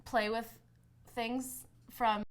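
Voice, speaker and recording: A woman co-hosting a casual live chat show, playful with deadpan jokes. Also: on the high side, drawn-out words. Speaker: co-host.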